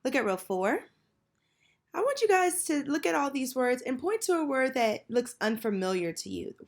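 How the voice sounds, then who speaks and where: A woman teacher leading a children's phonics lesson, patiently prompting and pausing for answers. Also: high-pitched, sing-song. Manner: slow, patient, call-and-response prompting.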